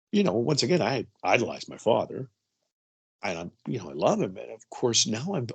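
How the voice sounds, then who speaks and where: A man's voice: on the low side, breathy edge. A middle-aged man telling a personal story as an interview guest, chatty and full of "you know" asides.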